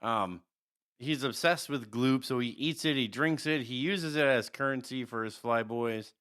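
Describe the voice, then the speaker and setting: Bright, smooth-voiced man chatting. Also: mid-range voice, unhurried. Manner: rambling, chuckles often, restarts. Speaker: podcast co-host. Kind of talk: casual chat describing characters.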